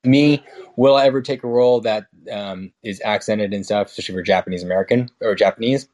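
A man's voice: lowish voice, fast, a little mellow. A young man in casual conversation, rambling with restarts and fillers, frank and swearing casually. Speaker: guest.

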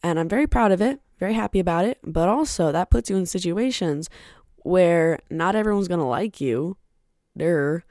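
A young woman hosts her own podcast in a loose, chatty monologue, speaking bluntly and swearing freely. Her voice sits low and mellow, with a gravelly edge. The sound is dry and close, with no room echo. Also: expressive, moderate pace. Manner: candid and blunt, with frequent swearing; chatty and rambling, with side remarks. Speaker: podcast host.

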